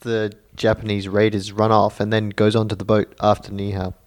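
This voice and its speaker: A man's voice: lowish voice, completely flat delivery, normal speed. A man in a casual podcast chat, summarizing the plot with short interjections.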